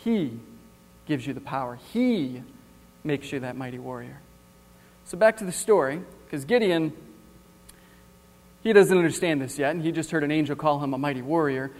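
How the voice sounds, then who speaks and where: A male preacher giving a sermon, retelling a Bible story in an animated, wry way. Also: a little high, moderate pace, long pauses, big-room sound.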